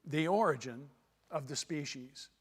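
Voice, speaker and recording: A man's voice: a little high, a little slow, breathy edge. A man from Texas giving a church seminar lecture in a folksy way, repeating his points for emphasis. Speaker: seminar speaker. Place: church hall. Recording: long hall reverb.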